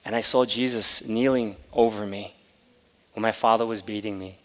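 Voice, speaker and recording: A man's voice: medium pitch, fairly even intonation, normal speed. A man preaching a sermon, telling a personal story with quoted dialogue. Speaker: pastor. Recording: long reverb of a large room.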